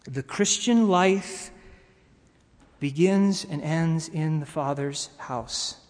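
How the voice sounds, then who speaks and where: A man preaching a sermon to his congregation, earnest and halting, with pauses and restarts. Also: a little high, a little mellow. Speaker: pastor. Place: church sanctuary. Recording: long reverb of a hall.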